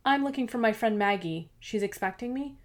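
A woman's voice: a little high, expressive, a little fast, pitched above the performer's own voice, lightly acted. A woman voicing a guarded young woman investigator in an audiobook, speaking tersely and warily. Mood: hesitant.

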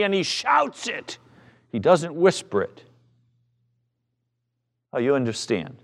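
Slow, high-voiced preacher man. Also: lively intonation. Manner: impassioned preaching, acting out quoted voices with sudden shouts. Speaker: pastor. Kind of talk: sermon.

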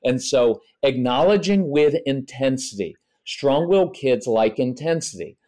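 A man's voice: mid-range voice, animated, unhurried, dark tone. A middle-aged man, a parenting expert guest on a podcast, explaining in a practical way and acting out examples in voices. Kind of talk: podcast interview.

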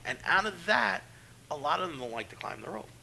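A middle-aged man spins wrestling war stories in casual, profane chat and acts out the voices of everyone in them. His voice is very bright and tense, and his pitch jumps around a lot. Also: very animated, brisk, vocal fry, a little hiss or hum. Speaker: guest, professional wrestler. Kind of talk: casual storytelling.

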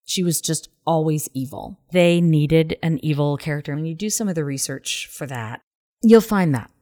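Her voice sits low and mellow, moving at a moderate pace. Co-hosting a podcast in a Southern accent, she talks in a casual, earnest way, at times slipping into a whisper.

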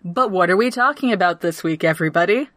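A woman co-hosting a comedic podcast, her voice bright and crisp with a lot of swing in pitch. She teases the others and swears freely. The sound is close and dry. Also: expressive, fast, no room sound. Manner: swears freely, jokey and teasing. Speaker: podcast co-host. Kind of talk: casual comedic chat.

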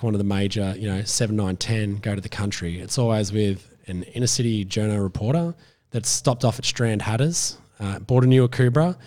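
A man's voice: on the low side, a little mellow. A man with an Australian accent, a television presenter chatting as a guest, rambling with restarts and acting out voices. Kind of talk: casual interview chat.

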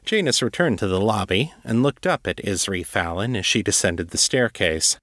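A man narrating a fantasy story, his voice sitting on the low side. He keeps a measured, even delivery, and the recording is dry and close, with no room sound. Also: dry recording. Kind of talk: audiobook reading.

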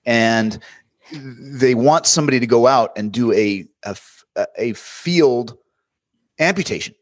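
A man's voice: medium pitch, measured pace. A man hosting a medical podcast as an emergency physician, telling a story and acting out the dialogue. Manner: lively storyteller who acts out quoted dialogue. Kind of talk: casual medical podcast chat and anecdote.

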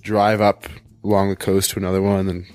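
A man's voice: low voice, monotone, fairly quick, darkish tone, no echo. A man from Canada in a casual group chat, rambling on and filling his talk with "like". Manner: rambling, full of "like" fillers.

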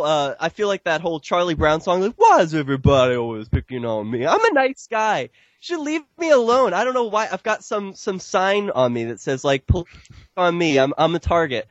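A man, an activist filmmaker, telling stories in a casual podcast interview, getting animated and jumping up in pitch when he quotes people. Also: no room sound, highs cut off. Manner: animated storytelling, pitch jumps when quoting others.

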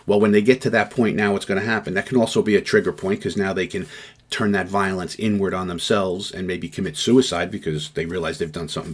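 A man's voice: low-pitched, a little mellow, husky. A man teaching crisis negotiation in a conversational lecture, often checking in with "right?" and acting out the people he quotes in a raised voice. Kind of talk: spoken lecture.

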